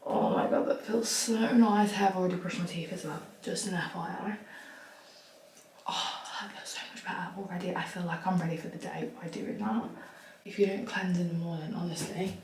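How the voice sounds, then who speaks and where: A woman's voice: on the low side, fairly even intonation, brisk, darkish tone. A young woman chatting casually to her phone camera as a lifestyle vlogger, rambling and frank with lots of asides. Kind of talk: casual vlog chat to camera. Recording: roomy, with clear background noise.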